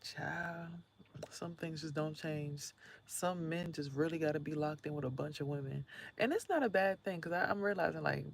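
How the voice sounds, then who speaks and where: A woman vlogging in a chatty, slangy way, laughing often and swinging between loud remarks and hushed asides. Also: low voice, normal speed, gravelly. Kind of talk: casual spiritual vlog monologue.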